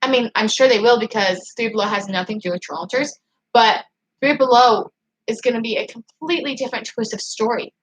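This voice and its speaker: A woman hosting a casual livestream, reading out chat comments and ranting in an excitable, frustrated way with lots of "like" and restarts. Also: a little high, brisk, low-quality recording. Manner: excitable and frustrated, heavy use of "like". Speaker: channel host reading live chat.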